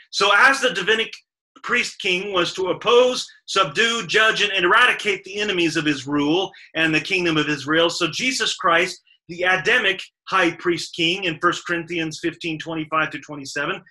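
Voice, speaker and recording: Poor audio captures a Bible teacher whose voice is on the high side, pushed and bright. Delivering a Sabbath lecture, he methodically works the verses and emphasizes verb lists one item at a time.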